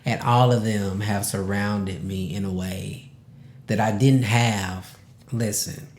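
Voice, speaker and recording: A man hosts a podcast in a slow, unhurried way, speaking from the heart and fighting back tears. He stresses words by repeating them. His voice rings in an echoey room. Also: fairly low pitch, fairly even intonation, a little mellow. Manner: emotional, close to tears, laughing through it; casual, repeats words for emphasis. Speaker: podcast host.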